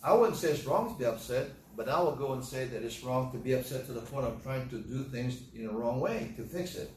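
A man's voice: mid-range voice, expressive, brisk, a little mellow, slight background noise. Man giving a sermon, american, echoey church hall, voice a bit far off, faint ambience. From United States. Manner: preaching with emphatic, rising scripture readings. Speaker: pastor. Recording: roomy echo, voice far from the mic.

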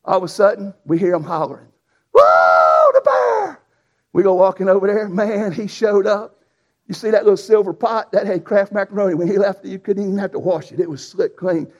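A preacher who tells a folksy, animated story in a sermon. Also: male voice, high-pitched, fast talker. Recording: dull lo-fi sound.

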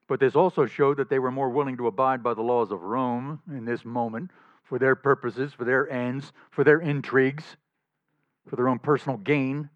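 A male pastor preaching a sermon in an emphatic, animated way, often chuckling between points. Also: medium pitch, no echo. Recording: slightly dull dry recording.

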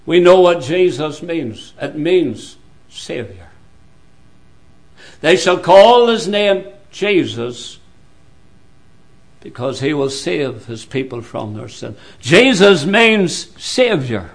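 A man preaching a sermon in a slow, deliberate way, with sudden drops to a hushed voice. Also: on the high side, sing-song.

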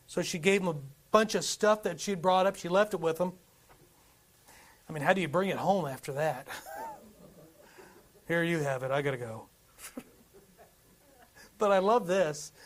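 High-voiced man preaching a sermon. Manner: animated, asks many rhetorical questions, reads scripture aloud.

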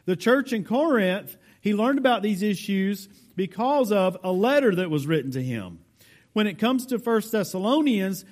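High-voiced man preaching a teaching sermon. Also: a little mellow. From United States. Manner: deliberate, explanatory, stresses key words emphatically; speaks directly to the congregation. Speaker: pastor. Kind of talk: sermon, verse-by-verse Bible teaching.

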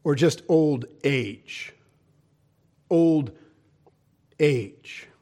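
A middle-aged male pastor preaching a fiery sermon, swinging from loud cries to hushed, low warnings. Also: drawn-out words.

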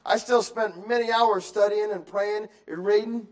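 A male pastor preaching a sermon, moving between quiet musing and loud, emphatic exhortation, with repeated words and restarts. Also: high-pitched, steady tone, unhurried. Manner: acts out excuses in quoted voices.

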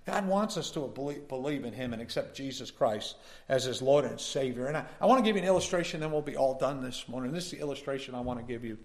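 A man's voice: mid-range voice, quick pace, a little mellow. A male pastor delivering a sermon, telling a personal story in a folksy way and building up to emphatic preaching.

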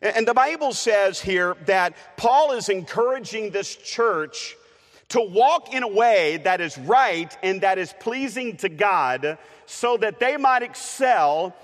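Guy preaching to a youth crowd, easygoing, lots of uh's, high-ish voice bouncing around a big reverby sanctuary. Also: expressive, takes it slowly, a bit bright. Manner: conversational, with frequent "uh" and restarts; playful with the congregation. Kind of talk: sermon. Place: church sanctuary. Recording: long reverb of a church hall.

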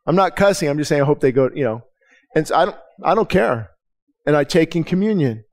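A man's voice: fairly high pitch, expressive, a little fast. Candid emphatic preacher man. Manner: candid, emphatic, repeats words and restarts often; asks the congregation direct questions. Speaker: pastor. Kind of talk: conversational sermon. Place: church service.

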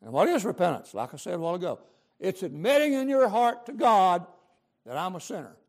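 Preacher guy, high gravelly voice, swoops all over the place, real fired up and repeats himself. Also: very animated, a little fast. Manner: fervent, emphatic repetitions, folksy grammar. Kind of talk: sermon.

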